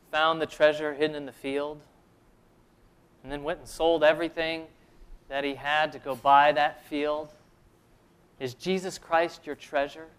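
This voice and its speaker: A man preaching a sermon in an earnest way, asking the listeners questions and slowing down to stress key phrases. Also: fairly high pitch, clear, resonant tone. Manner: earnest preaching, rhetorical questions, slows for emphasis. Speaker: pastor.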